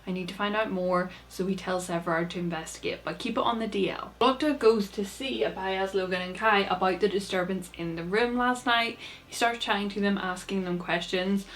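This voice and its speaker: A young woman giving a playful, chatty plot recap for her book channel and briefly slipping into quick character voices. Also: medium pitch, a bit bright, slight background noise. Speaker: book vlogger.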